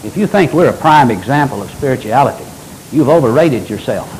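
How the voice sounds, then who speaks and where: An older man preaching a sermon as pastor, with animated delivery and folksy asides. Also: mid-range voice, fairly quick, a little hiss or hum, poor audio.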